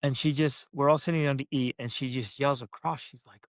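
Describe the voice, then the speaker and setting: Man, parenting co-host, animated storyteller, mid pitch, dry room. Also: normal speed, dry recording. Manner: animated, acts out family voices. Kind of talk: casual storytelling.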